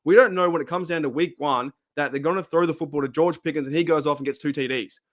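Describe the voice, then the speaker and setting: A man's voice: fairly high pitch, quick pace. Chatty Australian man on a live stream. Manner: chatty, rambling, laughs often. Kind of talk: casual live-stream chat reading comments.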